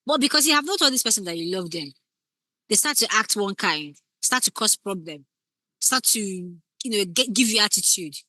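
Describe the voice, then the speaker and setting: A woman's voice: medium pitch, expressive, moderate pace, pushed and bright, no room sound. A woman teaching scriptwriting in a casual lecture, acting out short example lines as she explains. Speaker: scriptwriting instructor.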